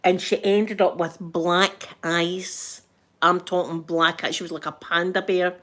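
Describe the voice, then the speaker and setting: A woman's voice: fairly low pitch, level tone, a little slow, a bit bright. A middle-aged Scottish woman hosting a live stream, chatting casually with viewers, laughing often and mimicking other voices. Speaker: ASMR livestream host.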